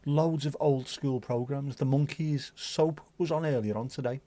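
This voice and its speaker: A middle-aged man chats through a livestream, rambling from one topic to the next. His talk is loose and sweary, full of banter for the viewers. His pitch sits in the middle range. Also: fairly even intonation, normal speed, warm tone. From Liverpool, England. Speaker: livestream host. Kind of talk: casual chat reading viewer comments.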